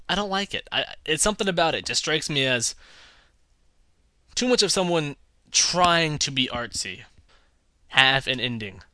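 A man in a casual opinion vlog, reviewing films with animated, exasperated ranting and putting on voices for others. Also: medium pitch, no room sound. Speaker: film reviewer.

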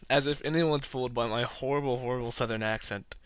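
Bright-voiced joking podcast host. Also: male voice, medium pitch, fairly even intonation, quick pace, few pauses, clean tone, dry recording. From North Carolina. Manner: self-mocking, joking, chatty. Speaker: podcast host and movie reviewer. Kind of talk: casual rambling monologue.

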